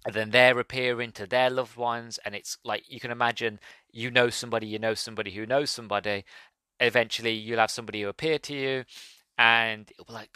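A man's voice: medium pitch, fairly even intonation, fairly quick, bright, forceful tone, no room sound. A man hosting a podcast, giving a casual, enthusiastic book review that rambles and corrects itself as he goes.

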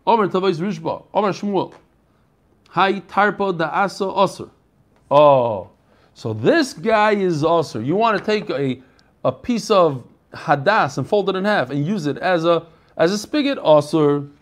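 With a high voice, lively intonation, and a measured pace, this American Talmud teacher reads the Aramaic in a singsong. He then explains it to his students in casual English, adding chatty asides.

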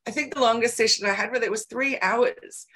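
A woman's voice: fairly high pitch, fairly quick, fairly bright tone, husky. A woman hosting a casual chat, telling candid stories with emphatic repeated words.

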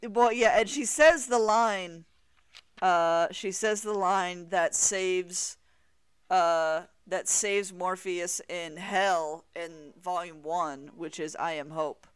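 Co-host, unhurried comics talk, smooth clear voice, lots of fillers. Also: mid-range voice, no echo. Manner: deliberate, hedging with fillers, quick laughs. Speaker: podcast co-host. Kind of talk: casual comics discussion.

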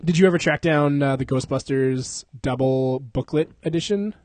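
A man's voice: medium pitch, normal speed, darkish tone, dry recording. A young man co-hosting a podcast in casual chat, rambling and profane, laughing often and slipping into silly voices. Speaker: podcast co-host.

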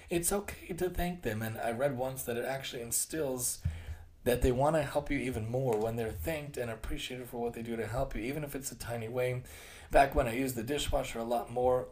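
A man's voice: mid-range voice, a little mellow. A man hosting a podcast, talking earnestly in a casual monologue and sometimes restarting his phrases. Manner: acts out quoted remarks in other tones. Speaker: podcast host; occupational therapist.

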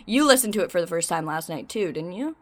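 A woman's voice: fairly low pitch, expressive, quick pace. A woman co-hosting a podcast, chatting casually and enthusiastically with plenty of fillers. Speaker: podcast co-host.

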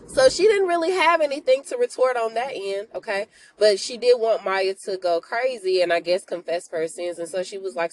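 A woman hosting a podcast in lively, casual chat, full of slang and direct address to her listeners. Her voice sits at an ordinary middle pitch. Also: a little fast, hardly any pauses. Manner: animated, slangy, talks to listeners as y'all, laughs often. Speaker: podcast host recapping a TV series.

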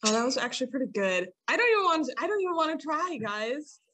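American woman moderating a game night, chatty, animated, jokes at her own expense. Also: high-pitched. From United States. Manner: animated, self-deprecating, quick to laugh. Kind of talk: casual group chat, explaining game rules.

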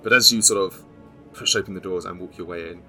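Lively guy running a tabletop game, rambling and laughing a lot, bright voice. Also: low-pitched, fast talker, soft background music. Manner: rambling, self-correcting and laughing often. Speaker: game master.

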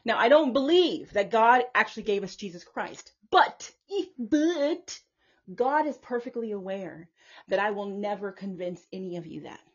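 Husky woman preaching with fierce profanity. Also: mid-range voice, expressive, moderate pace, highs cut off. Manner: profane, emphatic, repetitive. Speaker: self-styled prophetess. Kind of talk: impassioned preaching monologue.

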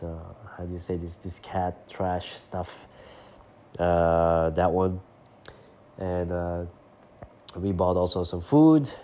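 A man with a very low, mellow voice hosts his own podcast, sounding nasal and stuffed up from hay fever. He talks in an easygoing, unscripted way, often stopping with "uh" and "um" as he hunts for the right words. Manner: relaxed, searching for words with frequent fillers. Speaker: podcast host and coach. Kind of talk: casual solo podcast monologue.

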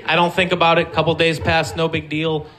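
A man telling a comic story, acting out the voices of the people in it in an animated way. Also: fairly high pitch, a little fast, a faint crowd.

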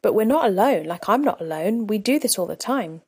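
A woman's voice: medium pitch, animated, fairly quick, darkish tone, slightly rough. A woman coach hosting her own podcast, talking candidly and reflectively in a conversational way. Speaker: life coach and podcast host. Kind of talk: solo podcast talk.

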